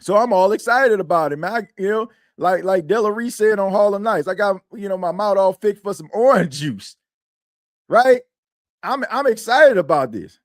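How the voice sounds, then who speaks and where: A man's voice: sits high, expressive, fairly quick, few pauses, no echo, clean studio sound. A man hosting a sports podcast in casual chat, rambling and slangy, repeating himself as he talks.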